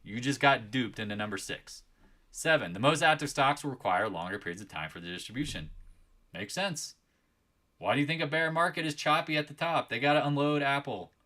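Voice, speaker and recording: A man's voice: mid-range voice, animated, fairly quick, pushed and bright. A man hosting a live market chat, scolding his viewers and raising his voice as he rants. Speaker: trading channel host.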